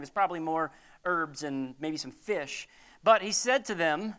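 A woman preaching a sermon in a conversational, animated way, with jokey asides. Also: medium pitch, a little fast, clear, resonant tone.

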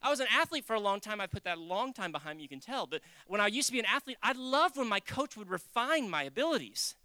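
A lively preacher with a bouncy, expressive pitch that climbs and falls constantly. The tone is bright and sharp, and the sound is close and dry, with no room echo. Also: fast. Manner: animated, acts out quotes, jokes. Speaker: pastor. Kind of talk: conversational sermon.

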